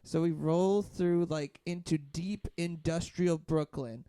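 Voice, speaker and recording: A man's voice: a little high, fairly even intonation, takes it slowly, dark tone, clean tone, no room sound. A man hosting a podcast, telling a long rambling story in casual chat, heavy on fillers and swearing, acting out what others said. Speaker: podcast host.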